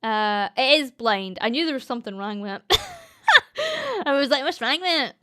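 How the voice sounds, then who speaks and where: A woman's voice: high voice, sing-song, measured pace, bright, forceful tone. A young Scottish woman streamer rambling through a casual story with lots of fillers and giggles. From Scotland. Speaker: streamer and voice actress.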